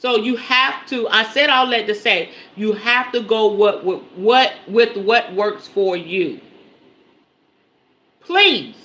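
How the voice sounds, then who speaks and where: A woman leads a spiritual teaching on a livestream in a bright, forward voice. She speaks casually and directly to her audience, often checking in and repeating her points for emphasis. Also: mid-range voice, measured pace, hardly any pauses. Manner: emphatic, repeats key phrases.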